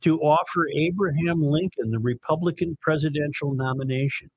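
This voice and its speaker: A man's voice: fairly high pitch, moderate pace, a little hiss or hum, low-quality recording. A man hosting a talk radio show, reading news and this-day-in-history items in a casual, conversational way. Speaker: radio host.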